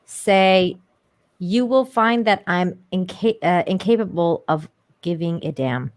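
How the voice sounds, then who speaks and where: A woman co-hosting a livestream podcast, reading viewer messages in a chatty way with quick laughing asides. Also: on the low side. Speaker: podcast co-host.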